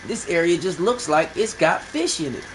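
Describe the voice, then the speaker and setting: High-voiced boastful streamer talking to chat. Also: male voice, expressive, normal speed, slight background noise, poor audio. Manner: boastful, profane slang, talks to chat. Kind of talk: live gameplay commentary.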